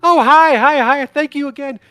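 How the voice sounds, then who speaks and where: A man's voice: very high voice, moderate pace, bright, forceful tone, dry recording, voice pushed up. A man voicing a bubbly female circus animal handler and showwoman in a tabletop game, with crowd-pleasing patter. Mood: cheery.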